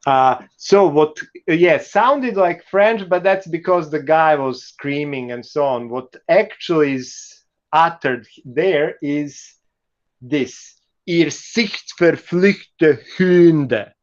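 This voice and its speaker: A man with a Serbian accent giving an online university lecture, halting and full of "uh" fillers. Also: a little high, animated, lo-fi sound.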